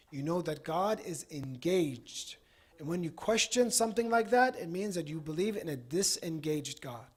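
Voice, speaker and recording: A man delivers a Ramadan night sermon in a mosque, his voice sitting a little above the usual male range. He tells a moral story in a loose, conversational way, with frequent "you know" asides. He moves smoothly from the story into a closing prayer. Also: on the high side. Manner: ends with a supplication. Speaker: cleric giving a Ramadan night talk.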